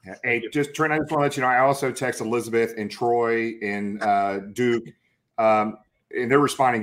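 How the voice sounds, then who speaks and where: Excitable fan host calling everyone brother. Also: male voice, mid-range voice, normal speed. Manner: excitable, enthusiastic, keeps saying brother and man. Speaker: podcast host. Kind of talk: casual chat.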